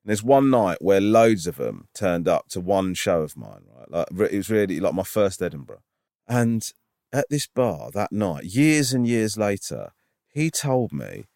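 A man, a stand-up comedian and podcast co-host, telling an animated story in casual chat with lots of "like" and "right?". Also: low-pitched, no echo, studio quality. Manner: animated, full of fillers like "like" and "right?".

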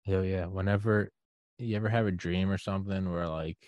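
Lively, storytelling male podcast host. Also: low voice, a little fast, dry recording, dull audio. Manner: animated storyteller, acts out quoted voices. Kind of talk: casual conversation.

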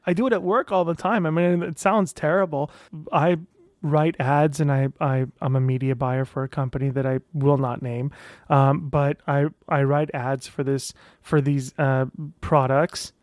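Man, casual vlog monologue, a touch high, lively with quoted asides, dry close mic. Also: moderate pace, no room sound. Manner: animated, self-talking, acts out quoted voices. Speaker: vlogger sharing weight-loss surgery journey.

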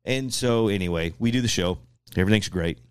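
A man's voice: lowish voice, a little fast, clear, resonant tone, no echo, clean studio sound. A middle-aged man, telling a personal story as a podcast guest and acting out what others said. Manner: animated, acts out what others said. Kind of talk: casual storytelling.

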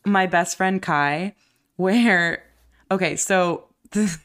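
A woman's voice: on the low side, very slow. A young woman co-hosting a podcast, chatting casually and teasing her co-host with running jokes. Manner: teasing, joking, animated storyteller. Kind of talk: casual chat.

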